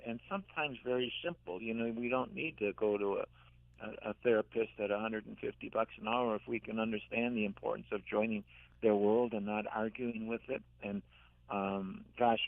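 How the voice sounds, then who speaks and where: An older man, an author and caregiver, telling gentle stories in a radio interview, halting and repeating words as he speaks. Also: fairly low pitch, no echo. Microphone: phone. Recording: tinny dry phone line.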